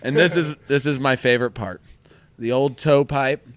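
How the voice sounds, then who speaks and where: A man co-hosting a casual livestream, excitable and laughing, jumping between loud outbursts and mumbled asides. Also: medium pitch, normal speed, no echo. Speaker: livestream co-host. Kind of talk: rowdy casual livestream chat.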